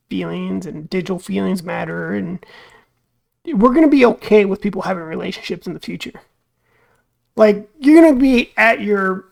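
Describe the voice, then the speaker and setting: Creaky-voiced man musing casually. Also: sits high, a little mellow. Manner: rambling and musing, with many fillers and acted-out quotes. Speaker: reaction video host. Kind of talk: casual reaction commentary.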